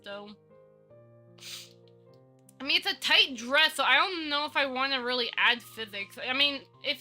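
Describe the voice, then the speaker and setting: A woman's voice: sits high, sharp tone. A woman live-streaming, rambling playfully and talking to herself while she works on a 3D model. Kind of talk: casual live-stream chat.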